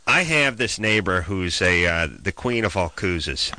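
A man hosting a casual chat, telling stories in an animated, ranting way. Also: deep voice, a little slow.

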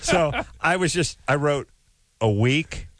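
A man with a lively, up-and-down voice tells a comic story as a talk show host, slipping into high squeaky voices for the people in it. His voice sits a little above the usual male range and sounds close and dry, with no room echo. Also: slow pace. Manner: animated, acts out others in high squeaky voices.

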